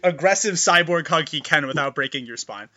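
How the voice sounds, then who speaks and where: A man narrating a tabletop game as game master, excitable and gushing, with many fillers. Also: on the high side, a little fast.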